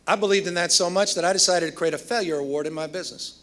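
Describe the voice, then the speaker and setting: A man's voice: sits high, rapid-fire, a bit bright. A man delivering a commencement speech, telling emphatic stories with self-deprecating humor. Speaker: commencement speaker.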